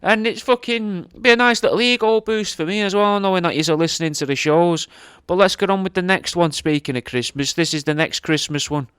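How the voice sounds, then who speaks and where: Podcast guy, smooth voice, dead dry sound, chatty and crude. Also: sits high, a little fast, a bit bright, no echo. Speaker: podcast host. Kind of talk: casual podcast chat.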